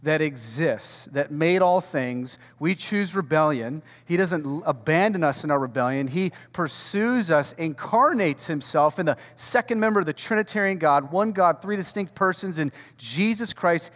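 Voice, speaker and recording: A man preaching a conversational sermon as pastor, swinging from loud to hushed and repeating words as he goes. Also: fairly high pitch, moderate pace, hardly any pauses. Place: warehouse church hall. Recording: long reverb of a large hall.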